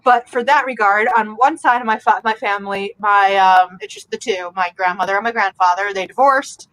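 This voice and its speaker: A woman in casual, blunt podcast banter, chatty and quick with quips. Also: mid-range voice, fairly bright tone, low-quality recording. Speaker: podcast co-host.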